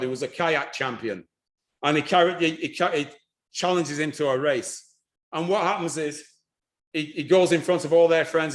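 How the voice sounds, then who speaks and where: A man giving a lively presentation on history and culture, animated and repeating himself, with frequent restarts. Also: a little high. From United Kingdom.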